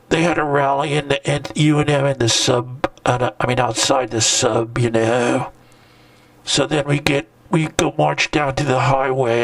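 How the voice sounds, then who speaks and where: A man in his sixties, mid-range and creaky in voice, rambles through a personal story as a narrator recalling a protest. He talks in loose hippie slang, often tacking "man" onto his phrases. The mic is distant and the sound dry, with no echo.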